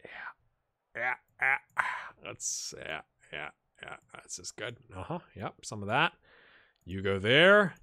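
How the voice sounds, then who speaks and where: An American man giving casual, lively commentary on a football management game and reacting loudly to the match. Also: on the low side, slow, no room sound, studio quality. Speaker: gaming YouTuber.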